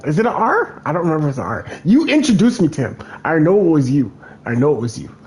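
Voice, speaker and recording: This game streamer's voice sits high, swinging widely in pitch at a quick clip with a slightly mellow quality. He rambles through anecdotes loaded with swearing and repeats himself often.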